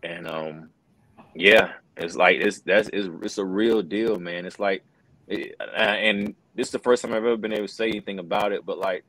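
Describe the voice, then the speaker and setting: A middle-aged wrestling commentator speaks at normal speed on the low side, his tone steady and a bit bright, in a low-quality recording. He tells an interview story casually and sincerely, often saying "bro" and "man."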